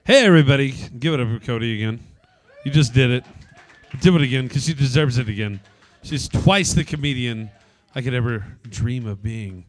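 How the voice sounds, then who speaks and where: A man's voice: mid-range voice, a little fast. A man hosting a live show, announcing the next act in a loose, casual way with some swearing. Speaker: host.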